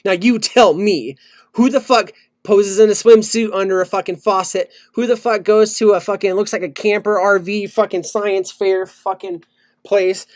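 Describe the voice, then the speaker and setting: A man co-hosting a podcast, ranting loudly in casual chat and swearing a lot. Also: high-pitched, steady tone, moderate pace, no room sound. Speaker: podcast co-host.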